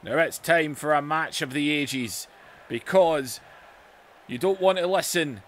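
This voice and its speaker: A man's voice: fairly high pitch, a little slow, fairly bright tone. A man doing a bossy veteran wrestler's promo. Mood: challenging. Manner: bossy, insulting trash talk. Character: blustering veteran male wrestler cutting a promo. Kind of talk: mock wrestling promo over a video game.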